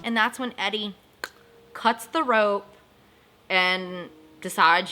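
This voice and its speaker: Woman, TV recap host, casual chat, sharp bright tone, emotionally invested. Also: medium pitch. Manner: chatty, acts out characters' lines in quick asides; emotionally invested, jokes about crying.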